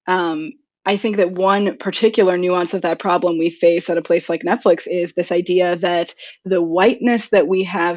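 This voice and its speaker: Woman podcast host, lowish voice, thoughtful and questioning, dry muffled sound. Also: no echo. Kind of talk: podcast conversation.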